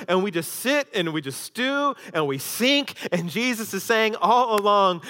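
A male pastor preaching in a church, his fairly high, bright voice rising to loud emphasis and then dropping to a hushed intensity. The sound carries a long reverb from the hall. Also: lively intonation, measured pace, hardly any pauses. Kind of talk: sermon.

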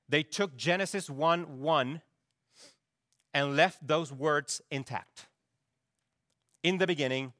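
A man's voice: on the high side, bright, forceful tone, no echo, clean studio sound. A middle-aged man preaching a sermon, emphatic and asking his congregation questions as he goes. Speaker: pastor.

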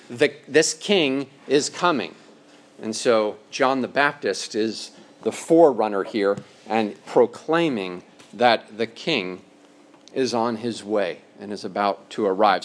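A man teaching a sermon in a conversational way, slowing down on key phrases for emphasis. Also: mid-range voice. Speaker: pastor.

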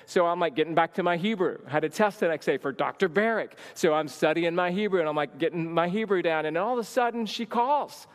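High-voiced man preaching in a reverberant hall. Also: fast talker, few pauses. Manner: lively storyteller, many "like" fillers. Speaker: church minister teaching a marriage session. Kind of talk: storytelling sermon.

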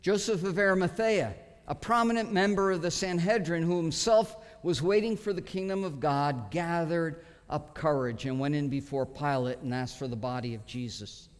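A pastor giving an expository sermon, earnest and emphatic, pausing often as he teaches. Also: on the high side. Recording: long hall reverb.

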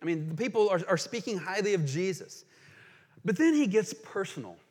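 A man preaching a sermon as pastor, earnest and emphatic, reading quotations aloud and pausing to explain them. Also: high-pitched, animated, a little mellow, slightly rough. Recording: long hall reverb.

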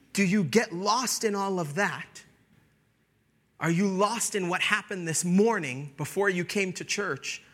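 A man preaching a sermon in a church, swinging between loud emphatic declarations and hushed, whispered lines. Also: a little high. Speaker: pastor.

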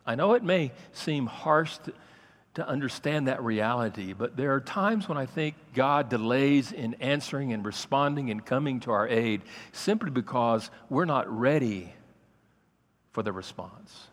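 A man pastor preaching a sermon, swinging from loud, raised passages to quiet asides. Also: mid-range voice, lively intonation, a little slow, big-room sound.

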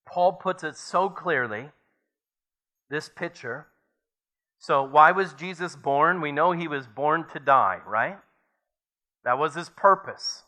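Male pastor preaching, slow delivery, bright forceful tone. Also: fairly high pitch, lively intonation. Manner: preaching with rising emphasis, reading scripture aloud. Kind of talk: sermon.

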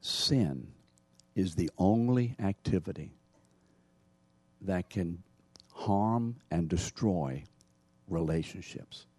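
A man preaching a sermon with forceful emphasis, his voice low and warm. He swings between rising, stressed phrases and quieter drops. The sound is close and dry. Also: no room sound. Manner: emphatic preaching, rising and falling in pitch and loudness. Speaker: pastor.

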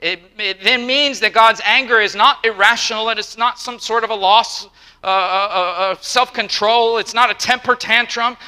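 A middle-aged man preaching a sermon, emphatic and repeating himself, with quick acted-out asides. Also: sits high, fairly even intonation, bright, forceful tone, clear, resonant tone, poor audio. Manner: emphatic, repeats words, acts out quotes. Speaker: pastor.

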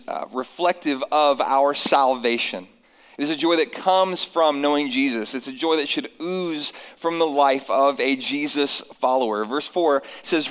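A man, likely in his thirties, preaching a sermon to his congregation, telling family stories and reading scripture slowly for emphasis. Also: mid-range voice, a bit bright, long reverb tail, poor audio. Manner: earnest, storytelling with slow emphatic scripture reading. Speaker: pastor.

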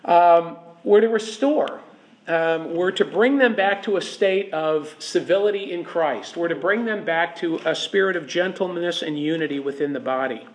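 A man's voice: fairly high pitch, moderate pace. A man teaching a Bible class as pastor, chatty, checking in with the group for agreement as he goes. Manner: chatty, asks the room for agreement. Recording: echoey room.

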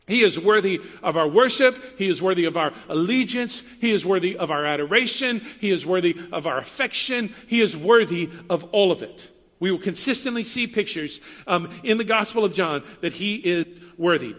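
A man's voice: high voice, expressive, moderate pace, fairly bright tone, in a large hall. A man giving a sermon as a pastor, speaking in a conversational style with emphatic repetition.

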